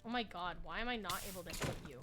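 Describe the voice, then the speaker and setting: A woman's voice: fairly low pitch, fast talker, loud music behind the voice. A woman in her twenties chatting casually while playing a game on stream, rambling and giggly. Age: 20s. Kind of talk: casual gaming chat.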